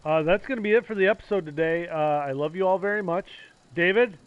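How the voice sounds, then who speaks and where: A man casually commenting while streaming a video game, excitable and joking, yelling hype at plays. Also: high voice, quick pace, smooth, muffled recording. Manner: joking, self-mocking.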